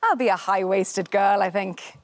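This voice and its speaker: A woman guest in a relaxed TV chat, talking about her work. She laughs easily and jokes at her own expense. Her voice sits in an ordinary middle range. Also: medium pitch, unhurried. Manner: laughs often, self-deprecating. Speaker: actress guest. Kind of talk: casual chat interview.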